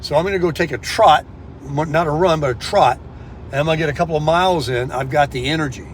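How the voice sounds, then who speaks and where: With a little background noise behind him, a man speaks fast in a slightly high voice. He's a vlogger rambling casually to his viewers, whom he calls folks, filming on a phone out in a sunny town.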